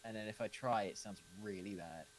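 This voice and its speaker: A man's voice: fairly low pitch, a little fast, crowd noise, low-quality recording. A man co-hosting a casual chat, joking and teasing himself. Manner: lively, self-mocking, jokey. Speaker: podcast co-host and editor.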